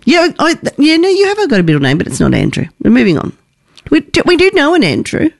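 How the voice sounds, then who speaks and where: A woman's voice: high-pitched, wildly swooping pitch, fast talker, vocal fry. A woman co-hosting a radio show in a studio, teasing her co-host in casual banter. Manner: teasing, playful.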